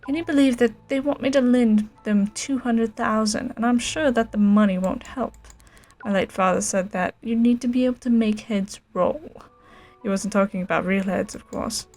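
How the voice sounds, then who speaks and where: A woman's voice: fairly high pitch, moderate pace, darkish tone, natural voice. A woman voicing a haughty, scheming middle-aged male noble who talks down to his ward, reading game dialogue aloud. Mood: smug. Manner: smug, condescending.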